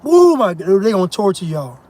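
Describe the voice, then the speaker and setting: A man's voice: high-pitched, sing-song, a little fast, warm tone. A man delivering an emphatic, mocking monologue rant as a commentator, laughing at his own points. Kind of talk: ranting monologue.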